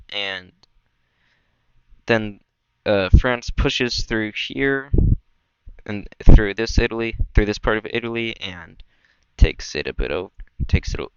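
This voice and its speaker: Casting: young man, low-ish smooth voice, loose rambling narration, cheap dull mic. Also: no room sound. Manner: loose, rambling, many fillers and self-corrections. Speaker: mapping video creator. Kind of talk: casual map narration.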